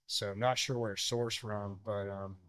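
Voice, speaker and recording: A man co-hosting a casual podcast, talking in a relaxed, rambling way with many pauses. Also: on the low side, clear, resonant tone, no echo. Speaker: podcast co-host. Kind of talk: casual chat.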